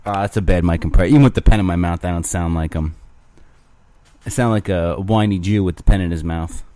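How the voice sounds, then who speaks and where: Man, deep voice, crude rambling solo host, dry close sound. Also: a little fast, warm tone, no room sound. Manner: crude, rambling, self-mocking humor. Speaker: podcast host.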